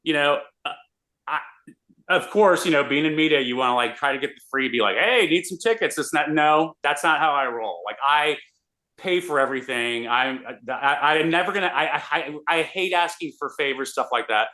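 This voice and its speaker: A man, a radio host, telling an animated story in a casual interview. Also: fairly high pitch, brisk. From Austin, Texas. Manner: animated, excitable storyteller with many restarts.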